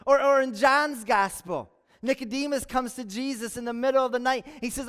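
High-voiced male pastor in a reverberant church. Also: brisk. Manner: lively storytelling with humor, acting out quotes. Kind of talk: sermon. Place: church sanctuary.

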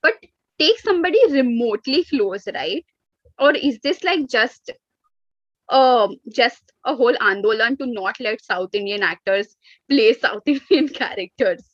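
A woman's voice: on the high side, animated, measured pace, no echo. A woman co-hosting a casual podcast, ranting animatedly and dropping into Hindi asides. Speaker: podcast co-host. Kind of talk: casual chat. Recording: dull, lo-fi dry recording.

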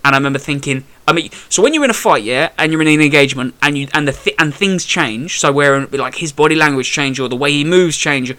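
Talking fast with hardly a pause, this young boxer tells a fight story in a fairly high voice. It's casual chat, full of acted-out quotes and plenty of swearing from a lively narrator.

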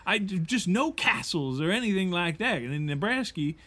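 A man's voice: sits high, lively intonation, moderate pace, sharp tone, full character voice. A man playing a bumbling folksy farm boy. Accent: rural Midwestern put-on. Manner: stammering, rambling, goofy. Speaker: improv comedy performer. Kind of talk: improvised comedy role-play.

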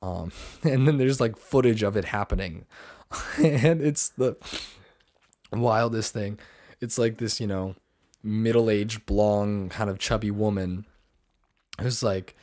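A man's voice: on the low side, takes it slowly, pauses often, a little mellow, dry recording, clean studio sound. A young man hosting a podcast, chatting casually and rambling, with lots of fillers. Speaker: podcast host. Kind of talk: casual chat.

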